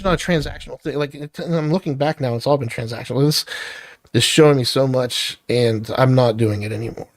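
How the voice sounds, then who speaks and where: A man's voice: medium pitch, a little fast, dry recording. A middle-aged man venting in a blunt, profane, irritated personal vlog rant. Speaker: vlogger.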